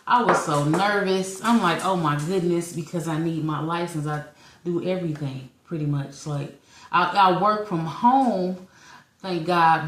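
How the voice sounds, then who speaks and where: A woman in her forties, telling a long personal story on a podcast, acting out what people said and laughing often. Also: medium pitch. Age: 40s. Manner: animated storyteller, acts out quotes, laughs often. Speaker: podcast co-host. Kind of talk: casual storytelling chat. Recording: echoey room.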